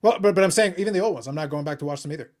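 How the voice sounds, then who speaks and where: A man with a fairly high voice talks quickly in a casual live stream chat. He is blunt and opinionated. He keeps repeating his first words before he settles into a point. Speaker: host of a hobby live stream.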